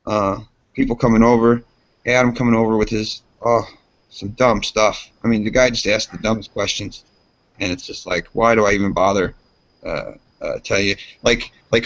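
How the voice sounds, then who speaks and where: A man co-hosting a casual podcast, telling a rambling story and jumping into high voices for quotes. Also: moderate pace. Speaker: podcast co-host. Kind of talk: casual chat. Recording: dull lo-fi sound.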